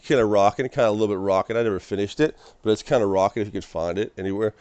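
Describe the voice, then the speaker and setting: A man giving a rambling, excitable casual sermon as a streamer, often breaking into laughter. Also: fairly low pitch, racing, few pauses, clear, resonant tone, no room sound. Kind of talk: casual preaching monologue.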